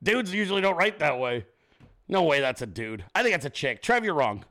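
A man's voice: a little high, big pitch swings, brisk, bright, forceful tone. A man hosting a livestream, ranting profanely and combatively at commenters in his chat. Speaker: show host.

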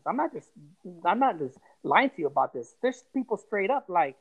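A man's voice: high voice, expressive, fairly quick, lo-fi sound. A man on a podcast giving a blunt, heavily profane pep talk in casual chat. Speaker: podcast guest giving advice.

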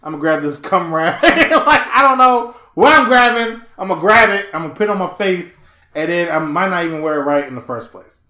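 High bright-voiced dude on a podcast, swearing and joking, roomy echo. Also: male voice, fairly quick. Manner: animated, profane, laughing storyteller. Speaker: podcast co-host. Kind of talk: casual chat.

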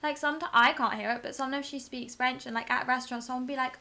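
A woman's voice: high-pitched, steady tone, racing, pushed and bright. A young woman from England in a casual chat, friendly and agreeable, often chiming in with yeah. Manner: friendly, agreeable, frequent backchannels.

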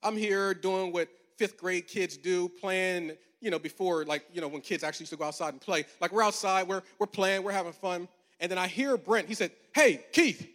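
Speaking fairly quickly with hardly any pauses, a pastor in his forties preaches in a high, steady, fairly bright voice. His storytelling sermon in a large church moves from chatty humor to emphatic preaching, and the recording has a long hall reverb.

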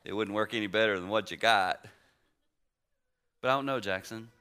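A man in his sixties preaching a story-driven sermon in a conversational way, moving between hushed and emphatic. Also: lowish voice, normal speed, smooth. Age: 60s.

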